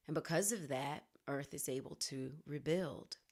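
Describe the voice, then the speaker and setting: A woman hosting a news commentary show, talking straight to viewers with animated indignation. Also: low voice, measured pace. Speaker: show host.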